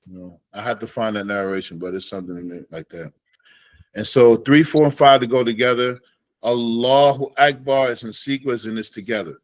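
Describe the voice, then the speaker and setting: A man teaching an Islamic studies class in a relaxed way, slowing down to demonstrate Arabic phrases. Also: mid-range voice, no echo, poor audio.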